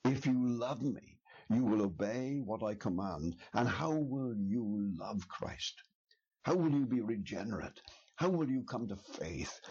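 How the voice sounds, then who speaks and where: A man's voice: fairly low pitch, expressive, a little slow, a little mellow, breathy edge. A man preaching an expository sermon in an earnest, emphatic way, building his points with repeated questions. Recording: dull lo-fi sermon recording.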